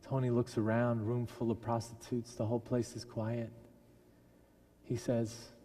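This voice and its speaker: A man preaching a sermon as a minister, telling a story with lively delivery and briefly acting out the people in it. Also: mid-range voice, unhurried. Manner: animated storyteller who acts out quoted voices. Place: large church sanctuary. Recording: long church reverb. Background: congregation laughing.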